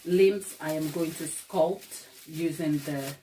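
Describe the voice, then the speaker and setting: A woman's voice: deep voice, fairly even intonation, slow pace, mellow, slight background noise. A woman giving a live cake decorating tutorial in a kitchen, chatting and laughing often at herself.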